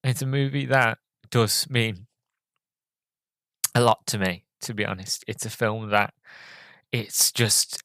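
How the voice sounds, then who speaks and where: A man hosting a podcast, talking through a movie review in a halting, hesitant way with many fillers, audibly choked up and emotional. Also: lowish voice, fairly bright tone, no echo. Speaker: podcast host.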